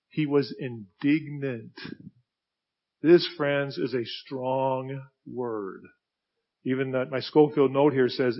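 A man preaching a sermon, dropping to a hush and then building to loud, emphatic peaks. His voice sits a little high for a man. The recording is dull and lo-fi. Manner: emphatic, swings from hushed to loud. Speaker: pastor. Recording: dull lo-fi sound.

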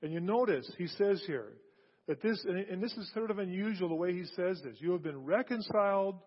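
Male preacher, somewhat high voice, hammers phrases home, drops soft then booms; dull recording in a big reverberant hall. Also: lively intonation, brisk, husky. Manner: emphatic, repeats key phrases, swings from hushed to loud. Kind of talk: sermon. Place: large hall with an audience.

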